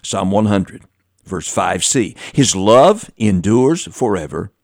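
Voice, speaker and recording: A male preacher telling a story inside a sermon. His voice climbs and falls widely, pushing some lines hard and stretching others slow and soft, with a chuckle between lines. The sound is dry and close. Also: lowish voice, no room sound. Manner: animated, swings between loud emphasis and quiet drawn-out phrases.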